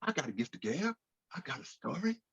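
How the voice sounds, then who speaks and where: A middle-aged American man telling his life story in a podcast interview, lively, with casual slang and acted-out quotes. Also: medium pitch, fairly quick, creaky, slightly rough, dry recording, muffled recording. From United States. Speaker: guest speaker.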